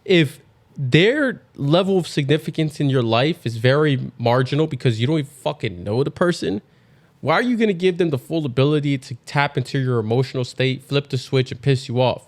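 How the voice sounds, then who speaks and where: A man's voice: mid-range voice, lively intonation, a little fast. A man hosting a casual podcast, talking bluntly and lecturing with heavy swearing. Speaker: podcast host.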